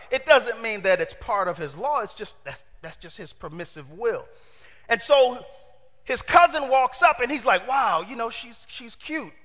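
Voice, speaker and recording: A middle-aged man preaching a lively storytelling sermon, acting out voices and talking to the congregation. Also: high-pitched. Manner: lively, acts out quoted voices, talks to the congregation. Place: church hall. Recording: long hall reverb.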